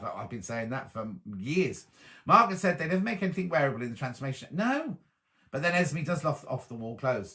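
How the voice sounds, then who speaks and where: Reading out live chat messages and responding to them, this man runs a casual stream in a voice that sits on the high side and has a sharp edge.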